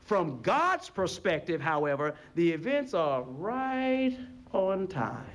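Here the preacher has a high voice and takes a slow pace. Standing in the church sanctuary, he enacts small scenes with animated voices and invites the congregation into call-and-response.

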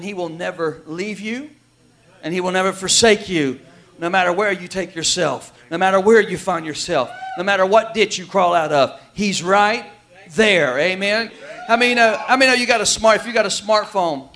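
A male pastor preaching a sermon in a folksy, emphatic way, shouting at the peaks and dropping quiet elsewhere. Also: high voice, brisk.

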